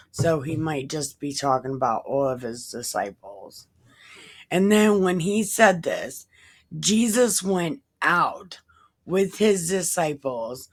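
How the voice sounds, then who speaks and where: A woman reading Bible passages aloud and breaking off for irreverent, profane, wisecracking asides in a casual tone. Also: deep voice. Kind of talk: casual scripture reading with commentary.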